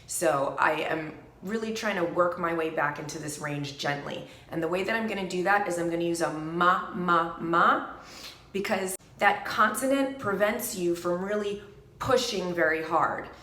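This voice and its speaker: A woman vocal coach calmly explaining a gentle singing warmup, stopping to sing short demonstration syllables. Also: lowish voice, normal speed. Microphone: microphone. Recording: echoey room with piano.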